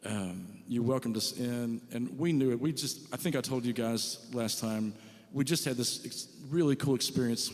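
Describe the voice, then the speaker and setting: A man's voice: medium pitch, darkish tone. A man in his forties, a visiting musician telling self-mocking stories between songs to a church crowd. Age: 40s. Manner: chatty, self-mocking, jokey asides to the crowd. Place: church hall with live audience. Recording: long hall reverb.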